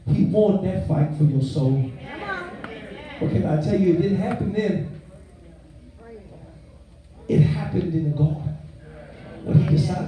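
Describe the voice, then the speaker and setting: A pastor with a high voice preaches a sermon, recounting his own story with call-and-response fervor at a measured pace broken by long pauses. Crowd noise fills the large church sanctuary, and the recording sounds distant and echoey, with music behind it.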